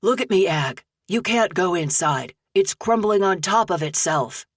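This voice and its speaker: A woman's voice: fairly low pitch, lively intonation, measured pace, no echo, clean studio sound. A woman voicing a young male doctor who speaks firmly and tries to soothe a frightened woman. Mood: soothing. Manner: firm, soothing.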